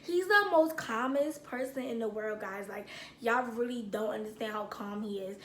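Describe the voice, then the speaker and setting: A woman's voice: a little high, normal speed, a bit bright, echoey room, a little hiss or hum. A young woman telling a casual storytime to her viewers, acting out both sides of a quarrel. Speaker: vlogger.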